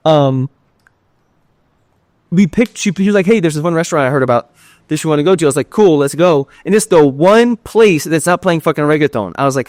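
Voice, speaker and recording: A man's voice: a little high, a little mellow, dry recording. Candid rambling young man, dry sound. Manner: rambling, heavy use of "like", candid and swearing. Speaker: podcast host. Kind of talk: casual personal storytelling.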